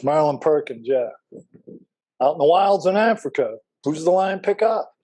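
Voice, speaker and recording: A middle-aged man leads a Bible class, talking casually and drifting into personal stories while he tosses questions to the room. His voice sits a little high but has a dark, mellow tone. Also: lively intonation, normal speed, low-quality recording. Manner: folksy, anecdotal, asks the class questions.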